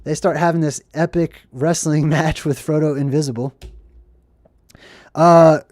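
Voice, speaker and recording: A livestream host retelling a film to live chat in a casual, upbeat way, often asking 'right?' and slipping into quick acted quotes. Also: mid-range voice, fairly even intonation, darkish tone, no room sound.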